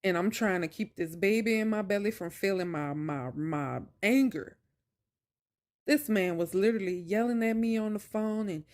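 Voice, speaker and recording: A woman's voice: mid-range voice, lively intonation, unhurried, darkish tone. A young woman vlogger telling a personal story in a casual, emphatic, colloquial way, with exasperated asides.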